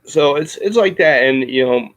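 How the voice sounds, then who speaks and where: A man with a Midwestern American accent, explaining things in a casual chat, halting with many ums and restarts. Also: a little high, expressive, fairly bright tone, low-quality recording. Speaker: podcast host.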